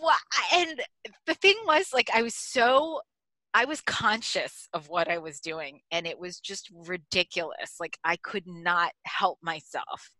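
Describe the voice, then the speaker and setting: A middle-aged American woman tells a story on a podcast, lively and quick to laugh. Her voice is bright and forceful. The sound is dry and close. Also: fairly low pitch, no echo, rough recording. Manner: animated, laughs while telling a story. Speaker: podcast co-host. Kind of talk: casual storytelling chat.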